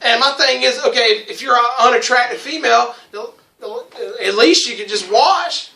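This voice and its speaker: Man, podcast host, crude rambling storyteller who laughs a lot. Bright, edgy tone, mic set back in an echoey room. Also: extremely high pitch, normal speed, gravelly.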